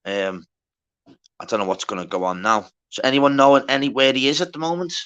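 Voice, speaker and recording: A man's voice: medium pitch, brisk, a bit bright, clear, resonant tone, lo-fi sound. A man hosting a casual livestream, reading out the chat, greeting viewers by name and bantering with plenty of swearing. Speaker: livestream host.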